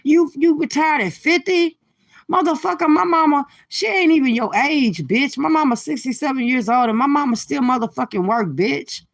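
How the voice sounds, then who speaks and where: Woman, middle-aged, brash, cursing, loud ranting, slightly high voice, talking from a car. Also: moderate pace. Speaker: livestream commentator. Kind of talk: profane reaction commentary while driving.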